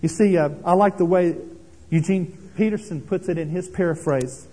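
A man's voice: high-pitched, normal speed, dark tone. A man preaching a sermon as pastor, earnest and explanatory, with rhetorical questions and frequent restarts, in a church sanctuary. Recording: long hall reverb.

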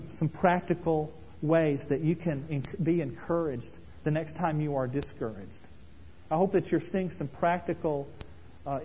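A man's voice: on the high side, dark tone, breathy edge. A man preaching a sermon as pastor, earnest and explanatory, with rhetorical questions and frequent restarts, in a church sanctuary. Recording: long hall reverb.

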